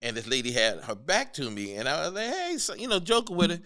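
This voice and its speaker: A man's voice: medium pitch, quick pace, no echo, clean studio sound. A man from the Philadelphia area, a stand-up comedian telling stories in casual podcast chat and acting out hecklers. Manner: animated storytelling, acts out hecklers. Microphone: podcast studio mic.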